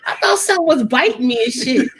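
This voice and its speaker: A woman on a casual talk show telling an animated, profane story full of acted-out quotes. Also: high-pitched, fast. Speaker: guest storyteller. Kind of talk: casual chat.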